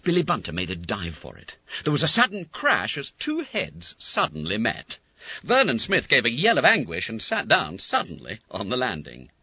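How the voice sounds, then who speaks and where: A man narrating an audiobook in a comic, animated storytelling manner, on a dull lo-fi recording. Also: medium pitch, moderate pace, husky, no room sound. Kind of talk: scripted narration.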